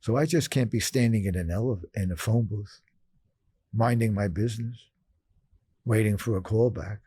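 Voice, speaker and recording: An older man from Brooklyn talks through his past as a podcast guest. His voice is dark and slightly husky, recorded close and dry. He keeps acting out his old self, jumping into higher voices. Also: normal speed, dry recording. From Brooklyn, New York. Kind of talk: storytelling in conversation.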